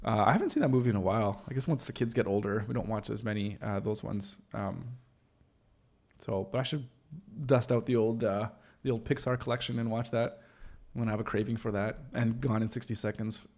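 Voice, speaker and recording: A man's voice: on the low side, a little fast, darkish tone. A man hosting a livestream, chatting casually with viewers in a rambling, joking way full of fillers and restarts. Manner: joking, self-deprecating. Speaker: livestream host.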